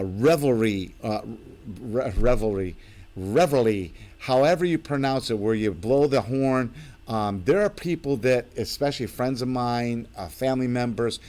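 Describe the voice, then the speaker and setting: A man's voice: mid-range voice, a little mellow. A man hosting his own live stream, chatting loosely and rambling through stories with lots of fillers. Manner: rambling, full of fillers and restarts. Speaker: host of his own channel. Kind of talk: live-stream casual chat.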